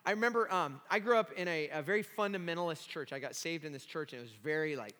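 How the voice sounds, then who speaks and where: Man, pastor, animated sermon, stumbling restarts, long hall echo. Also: on the high side, quick pace. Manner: animated, self-deprecating, frequent restarts. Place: church hall. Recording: echoey church hall.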